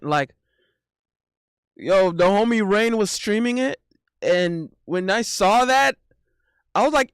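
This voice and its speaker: A high-pitched man chats loosely on a live stream, drawling at an unhurried pace. He exclaims a lot and laughs easily while reading out messages from chat. The sound is dry and close. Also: animated, smooth, no echo. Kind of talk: casual live-stream banter.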